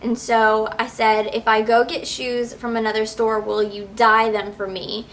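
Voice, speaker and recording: Animated young woman telling a story. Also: a little high, measured pace, slight background noise. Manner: animated retelling, acting out exasperated quotes. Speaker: vlogger. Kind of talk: casual storytelling to camera.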